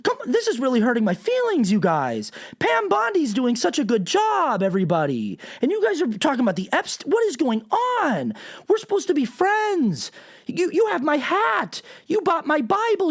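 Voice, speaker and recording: A man putting on a high, whiny voice to mock a needy male president pleading with his followers. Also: huge pitch swings, normal speed, exaggerated voice. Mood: whiny, wounded. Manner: high mocking whine.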